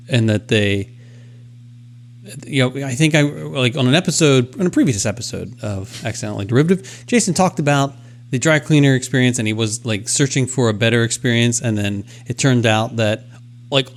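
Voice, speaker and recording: A man at medium pitch and normal speed co-hosts a podcast, telling a story in a casual chat. He uses lots of fillers and mimics machine sounds along the way.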